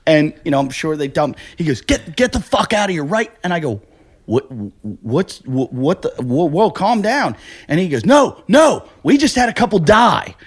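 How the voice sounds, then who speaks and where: A man with a slightly high voice tells stand-up stories in a loose, chatty way. He acts out the people he quotes, jumping into their voices. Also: sing-song, normal speed. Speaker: stand-up comedian guest. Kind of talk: casual comedic storytelling.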